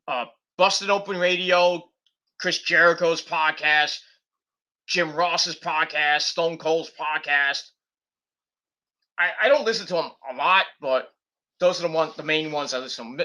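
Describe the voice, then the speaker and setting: A man's voice: a little high, bright, forceful tone. A man giving a casual, rambling wrestling review monologue, full of fillers and restarts.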